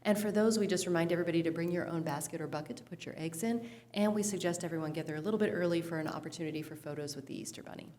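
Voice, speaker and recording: A woman's voice: fairly low pitch, racing, hardly any pauses, warm tone. A woman on city staff giving an upbeat director's report at a council meeting. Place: council chamber.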